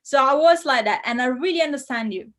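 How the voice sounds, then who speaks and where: A woman hosting a live language-learning Q&A, bubbly and effusive with excited bursts. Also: sits high, a little fast. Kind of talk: casual live-stream chat.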